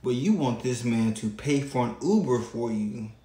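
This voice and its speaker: A man hosting his own channel, giving reaction commentary in a drawn-out way with frequent pauses. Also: medium pitch, animated, mellow, roomy sound. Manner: slow, drawn-out, pausing often. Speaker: channel host.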